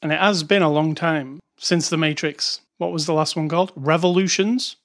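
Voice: mid-range voice, fairly even intonation, normal speed. Dry, wry movie podcast co-host. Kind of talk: casual movie review chat.

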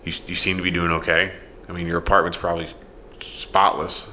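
A man with a very low voice that still has a bright, forward edge. He talks in a relaxed, teasing way, often breaking into laughter. Faint room noise sits behind him. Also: a little fast. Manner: laid-back, laughing, teasing. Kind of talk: casual chat.

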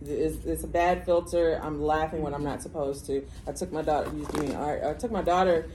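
A woman's voice: low-pitched, fairly even intonation, fairly quick. A middle-aged woman co-hosting a podcast live in front of an audience, laughing often as she chats. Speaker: podcast co-host. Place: festival event room, live audience. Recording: live room with background noise.

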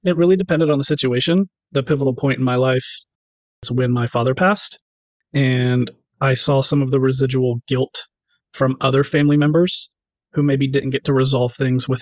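A man from the American South chatting on a podcast in a middle-pitched voice. He talks in a measured, reflective, easygoing way. The sound is dry and close. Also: fairly even intonation, no echo, rough recording. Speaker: podcast co-host. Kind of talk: casual chat.

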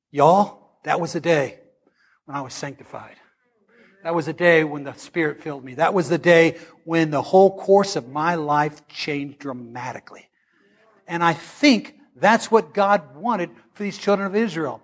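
A middle-aged man, preaching a storytelling sermon. He is animated and humorous, and swings between loud and hushed. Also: fairly high pitch, measured pace.

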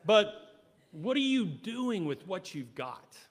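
A male pastor preaching a sermon in a church. He is animated, acting out quoted voices and swinging from loud bursts down to quiet asides. His voice sits a little higher than most men's. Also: slow pace. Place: church sanctuary.

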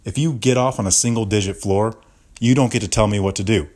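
A man's voice: fairly low pitch, brisk, darkish tone. A young man hosting a podcast, ranting with exaggerated mock outrage and constant swearing. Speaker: podcast host. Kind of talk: comedic podcast rant.

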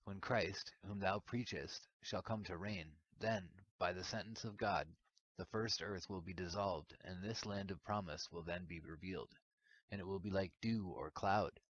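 A man's voice: sits low, moderate pace, fairly bright tone, breathy edge. A man voicing a stern, solemn male angel who guides and instructs, in a grave reading voice. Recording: dull lo-fi recording.

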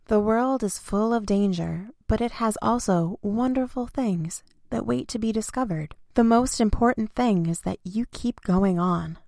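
A woman voicing a strong, beautiful island that speaks very gently and reassuringly. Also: mid-range voice, a little slow, vocal fry, few pauses, no room sound, studio quality, voice pushed up.

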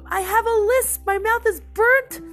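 A woman's voice: very high-pitched, measured pace, a bit bright, soft background music, voice pushed up, full character voice. A woman voicing a grown man with a lisp from a burnt tongue, pleading and embarrassed as he tells his story.

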